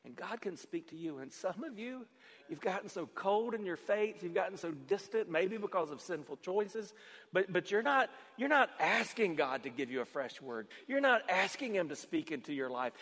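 Male pastor, slightly high voice, storytelling sermon with long hall echo. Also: animated, moderate pace. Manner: storytelling with acted-out dialogue, swinging from loud to quiet.

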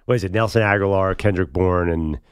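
A man's voice: low voice, brisk, clean tone. A man co-hosting a sports talk show, trading wry, skeptical takes in casual debate.

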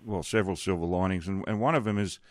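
Older aussie radio host, lowish voice, rambly and chatty, dry close sound. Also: male voice, quick pace, dry recording. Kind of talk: radio interview.

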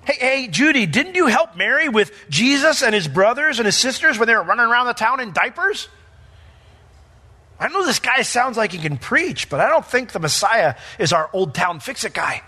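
A man's voice: very high-pitched, big pitch swings, moderate pace, sharp tone, breathy edge, pitched above the performer's own voice, exaggerated voice. A man voicing a skeptical small-town villager who sounds incredulous and mocking, within a sermon.

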